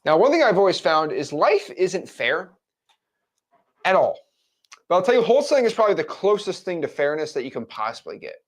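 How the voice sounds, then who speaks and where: Young male business coach, straight-talking, animated delivery with a wide pitch range, addressing camera. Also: fairly quick. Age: 20s. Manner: blunt, frank and animated. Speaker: real estate wholesaling coach. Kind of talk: motivational talk to camera.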